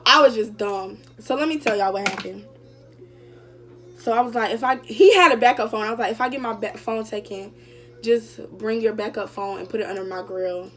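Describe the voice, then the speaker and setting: A woman's voice: fairly high pitch, fairly bright tone. A young woman vlogger casually telling a story to her viewers, chatty and full of fillers. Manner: chatty, addresses viewers directly, many fillers.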